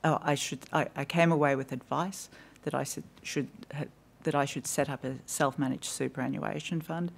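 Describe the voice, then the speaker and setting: Gravelly-voiced woman giving evidence. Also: low-pitched, steady tone. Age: 50s. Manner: measured and precise, with dry wry asides. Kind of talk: formal testimony recounting a conversation. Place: hearing room of a public inquiry.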